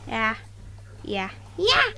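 A woman doing casual let's-play commentary to her viewers, excitable, exclaiming and mildly swearing, recorded on a tablet. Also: on the high side, extremely slow, vocal fry, slight background noise. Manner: talks straight to viewers. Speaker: gaming YouTuber.

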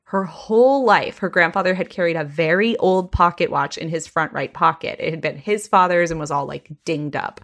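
A woman's voice: lowish voice, moderate pace, hardly any pauses. A woman podcast host telling a story in casual chat, full of "like" fillers. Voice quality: frequent "like" fillers, animated retelling.

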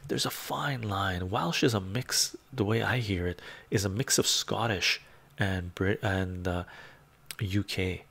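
A man hosting a casual live stream, soft-spoken and laid-back, reading chat, chuckling often and drifting into whispers. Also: fairly low pitch, a little slow, vocal fry, slightly rough. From Canada.

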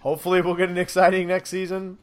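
A man co-hosting a casual podcast, excitable, laughing often and swearing freely. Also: high voice, fast. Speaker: podcast co-host.

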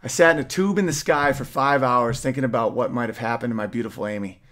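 Male host, mid-pitched, reads a personal story with earnest emotion. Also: fast, fairly bright tone. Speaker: podcast host. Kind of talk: reading a personal story aloud.

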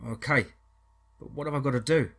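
A man voicing a scared young farmer and new father in an audio horror story, husky and panicky. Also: medium pitch, brisk, a bit bright. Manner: panicky, pleading.

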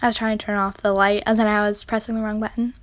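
A woman who vlogs about baking talks and giggles throughout a casual tutorial, working in her home kitchen as she chats. Her mid-range voice is level in tone and quick, with no echo.

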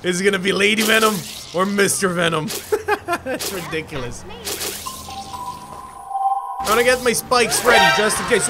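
A man commenting energetically on his own gameplay, often shouting and laughing as he plays. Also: high voice, normal speed, long pauses. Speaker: gaming YouTuber. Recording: music playing behind.

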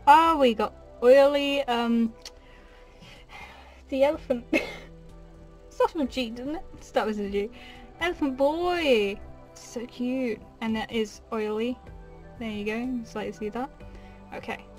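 A young woman chatting casually as she opens trading card packs, excitable and giggly, with gasps and soft asides, from a small bedroom desk. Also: fairly high pitch. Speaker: card-opening vlogger. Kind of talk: casual unboxing chat.

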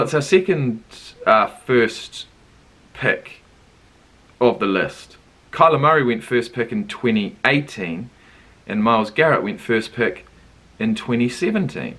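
A young man with a New Zealand accent, hosting a casual reaction video and thinking aloud with lively surprise. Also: mid-range voice, unhurried. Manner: animated, thinks aloud, laughs and swears in surprise.

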